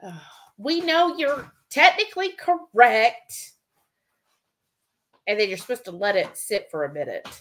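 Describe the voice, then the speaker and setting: A woman's voice: fairly high pitch, lively intonation, measured pace, pauses often, a bit bright. A woman hosting a cooking livestream, chatting casually and reading viewer comments aloud.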